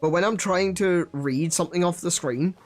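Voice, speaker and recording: A man's voice: sits high, moderate pace. A man chatting casually while streaming a video game, joking and talking to his viewers. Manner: chatty, laughs at himself, many restarts. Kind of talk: casual let's-play commentary.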